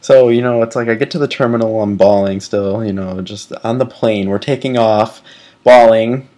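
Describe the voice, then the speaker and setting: A man's voice: fairly low pitch, fairly even intonation, normal speed, dark tone. Rambling young man telling a personal story. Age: 20s. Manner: rambling, many fillers and restarts, candid. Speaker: vlogger. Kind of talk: casual personal vlog storytelling.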